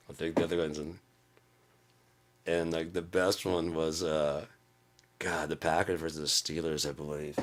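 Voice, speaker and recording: A man's voice: extremely low pitch, normal speed, long pauses. A man telling a comic story in a casual, profane way, acting out what people said. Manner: profane, animated, acts out quotes. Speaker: channel host.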